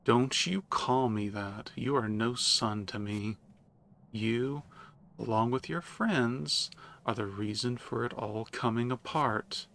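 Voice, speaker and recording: A man's voice: medium pitch, takes it slowly, gravelly, fairly bright tone. A man voicing a haughty, commanding queen mother while reading game dialogue aloud. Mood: cold, scornful. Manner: stately, commanding and condescending. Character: haughty regal mother-queen, ruler of a religious city.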